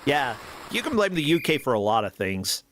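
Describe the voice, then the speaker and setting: A man's voice: medium pitch, very animated, moderate pace, noisy background. An American man commentating a game tournament livestream in a casual, rambling, joking way, laughing often. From United States.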